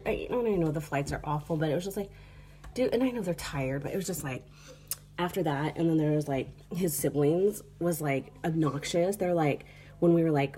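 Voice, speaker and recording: Low, mellow-voiced rambling woman. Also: a little hiss or hum. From United States. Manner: rambling, filler-heavy storytelling with frequent "like" and "you know". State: tired, sleep deprived. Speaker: vlogger. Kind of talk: casual travel vlog chat. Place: small apartment indoors. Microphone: phone.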